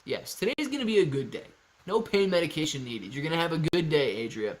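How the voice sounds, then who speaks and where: A man's voice: fairly high pitch, expressive, quick pace. A man hosting a casual live stream about stocks, reading viewer messages and answering them in an upbeat, chatty way. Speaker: livestream host answering viewer chat. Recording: home livestream setup.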